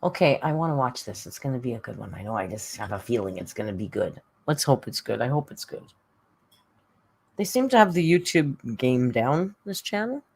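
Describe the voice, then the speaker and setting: A woman's voice: extremely low pitch, sing-song, brisk, a little mellow, husky, poor audio. A woman hosting a casual live stream, chatting to viewers and cooing at her cat. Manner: chatty, coos baby talk to her cat.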